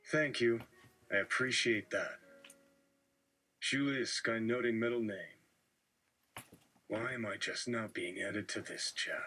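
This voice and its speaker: A man's voice: lowish voice, bright, forceful tone, breathy edge. A man hosting a livestream, reading out group chat messages in a dry, matter-of-fact way. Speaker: livestream host.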